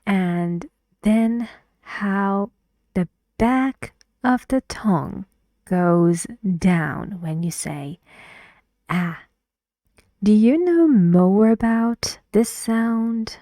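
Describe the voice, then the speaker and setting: Slow, patient woman teaching pronunciation. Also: medium pitch, a little mellow, dry recording, studio quality. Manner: slow, patient, often drops to a breathy half-whisper. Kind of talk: pronunciation lesson.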